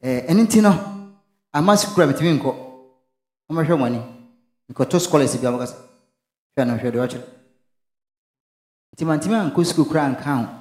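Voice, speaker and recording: A man's voice: a little high, expressive, normal speed, long pauses, darkish tone, reverberant, faint music behind. A man, preaching a sermon and asking questions for the congregation to finish, mixing in local phrases. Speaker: pastor. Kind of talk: call-and-response sermon.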